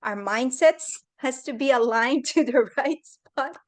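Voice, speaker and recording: High-pitched woman talking slow over a video call, earnest and a bit emotional, middle-aged. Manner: earnest, emotional, acts out quoted voices. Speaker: guest speaker. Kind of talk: personal leadership talk. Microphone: computer on a video call.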